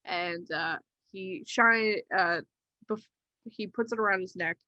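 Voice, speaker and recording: A woman runs a tabletop game, narrating slowly and stumbling through fillers as she works out the scene. Her voice is bright and forceful, recorded close and dry. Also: mid-range voice, no echo, highs cut off. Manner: halting, full of ums and likes. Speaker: game master.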